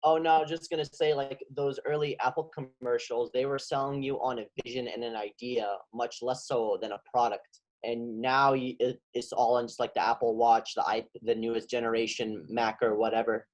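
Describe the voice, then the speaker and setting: Hesitant young-sounding class member. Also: male voice, mid-range voice, level tone, moderate pace, few pauses, rough recording. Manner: hesitant, lots of fillers. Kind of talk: casual talk.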